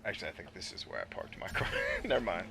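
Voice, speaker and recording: A man's voice: low voice, fast, creaky, music in the background. A man hosting a game stream, talking bluntly and swearing as he plays. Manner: profane, blunt and animated, laughing often. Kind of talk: casual gameplay commentary.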